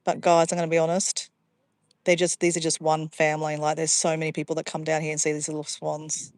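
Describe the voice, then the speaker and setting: A woman's voice: low-pitched, monotone, fast talker, darkish tone, no echo, studio quality. An Australian woman chatting casually to livestream viewers outdoors by a pond, easily sidetracked and calling her viewers guys. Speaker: livestream vlogger.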